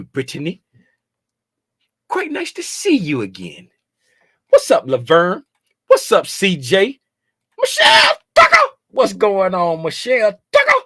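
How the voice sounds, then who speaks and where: A man's voice: medium pitch, dry recording, clean studio sound. A man hosting a trading livestream, chatting casually and playfully and greeting viewers by name.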